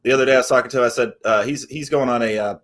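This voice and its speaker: A man's voice: medium pitch, steady tone, racing, fairly bright tone. A man co-hosting a podcast in casual chat, rambling and slangy, acting out little scenes. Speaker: podcast co-host.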